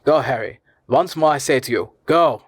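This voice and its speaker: A man voicing a stubborn elderly professor and explorer who speaks slowly and earnestly, turning harsh and commanding. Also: medium pitch, steady tone, no room sound, close to an everyday voice.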